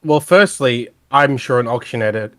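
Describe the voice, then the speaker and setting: A man of middling pitch speaks as a guest on a casual podcast. He teases a bit and then goes through points in an upbeat, analytical way. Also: animated, moderate pace, a bit bright.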